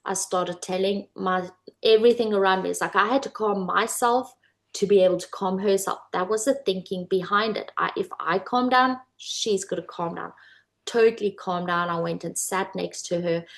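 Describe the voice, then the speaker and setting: A woman coaching viewers on manifesting in a casual, animated talk to camera, often calling them "you guys". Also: mid-range voice, moderate pace, gravelly. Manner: animated, addresses viewers as "you guys", acts out quoted voices.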